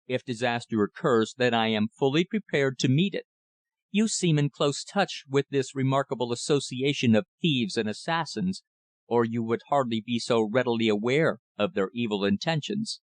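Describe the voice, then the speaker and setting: A man narrating a first-person audiobook in a measured reading that brings the dialogue to life. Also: medium pitch, lively intonation, dry recording.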